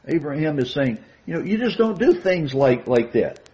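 A man's voice: mid-range voice, expressive, moderate pace, mellow, lo-fi sound. A man preaching a sermon, reading verses aloud and explaining them with emphatic rises, often repeating words as he goes. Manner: repeats words and restarts phrases.

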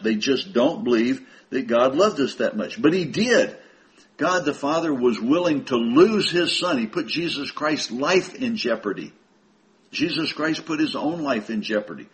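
Slow, deliberate male preacher. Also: medium pitch, rough recording. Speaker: minister. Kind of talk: sermon.

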